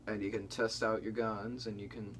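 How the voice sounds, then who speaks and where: A man's voice: on the low side, level tone, normal speed, slight background noise. A young man hosting a comedy chat, telling a story in a rambling, casual way with lots of restarts. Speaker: comedy channel co-host.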